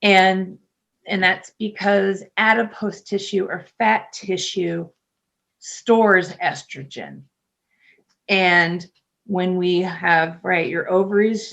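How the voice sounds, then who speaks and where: A woman's voice: fairly low pitch, gravelly, fairly bright tone, highs cut off. A middle-aged woman, a nurse, talking casually in an interview, chatty with frequent fillers and laughs. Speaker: nurse and podcast guest.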